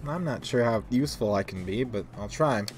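A man voicing a calm, kind-hearted tough gangster in a video game, speaking in a laid-back, dry way. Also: mid-range voice, a little fast, soft background music, close to an everyday voice.

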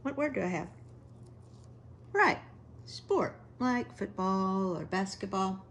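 A woman's voice: mid-range voice, lively intonation, slight background noise. A woman teaching a phonics lesson to children, sounding out words one sound at a time. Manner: slow, sound-by-sound phonics drilling.

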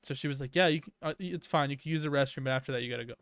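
A young man with a mid-range, slightly bright voice talks rapid-fire, recorded in studio quality with no room sound. He's a podcast co-host telling a long, rambling workplace story riddled with fillers and profanity.

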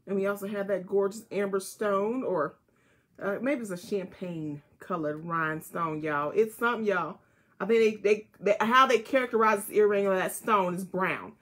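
A woman hosting a casual live jewelry sale, chatting with viewers and repeating item codes. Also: medium pitch. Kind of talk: casual live selling chat.

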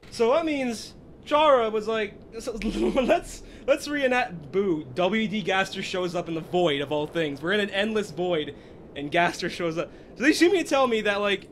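A man gives let's play commentary over his own game. He gets excited easily, swears freely and bursts out loudly. His voice is fairly high for a man, with a faint rumbling noise underneath. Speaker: gaming video creator.

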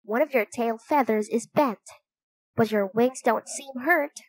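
A woman voicing a kind, eager young girl who speaks softly and coaxingly in a storybook reading. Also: on the high side, measured pace, dry recording. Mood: gentle. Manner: soft and gentle, coaxing.

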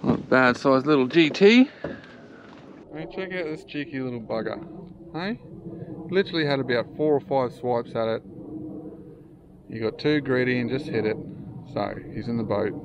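An Australian man giving excitable, chatty commentary while fishing from a small boat on a creek, talking to the fish he catches. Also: medium pitch, moderate pace, long pauses, lo-fi sound, noisy background. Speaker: angler filming his own fishing trip. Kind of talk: casual fishing vlog commentary.

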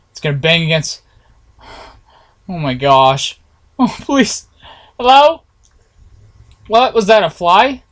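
A man's voice: on the high side, a bit bright. Jittery man narrating a horror game. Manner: jumpy, nervous chatter to viewers with frequent swearing. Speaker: gameplay streamer. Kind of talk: horror gameplay commentary.

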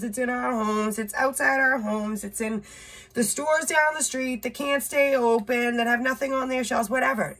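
A woman does a casual tarot reading, reading card words aloud in short bursts, blunt and occasionally swearing. Her mid-range voice is creaky, slightly rough, and fairly bright.

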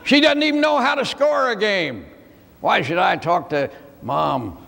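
An older preacher voicing a sulky young pro basketball player, heard in an echoey hall. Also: male voice, high-pitched, expressive, measured pace, gravelly, bright, forceful tone, heavily acted. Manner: sulky, dismissive.

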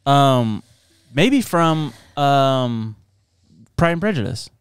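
A man's voice: mid-range voice, sing-song, very slow, clean tone, no echo, clean studio sound. A man co-hosting a podcast, chatting casually and teasing the others. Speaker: podcast co-host. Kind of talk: casual chat.

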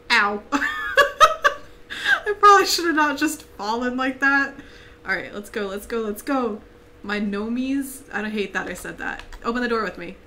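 A woman streamer giving live let's-play commentary, excitable and reactive, laughing, yelping, swearing freely and talking to the game characters. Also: on the high side, a little hiss or hum. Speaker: gaming streamer.

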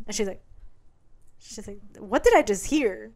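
A woman's voice: medium pitch, moderate pace. A woman co-hosting a podcast, casually recapping a book, swearing freely and acting out the characters' lines. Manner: animated, swears a lot, acts out characters' lines. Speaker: podcast co-host.

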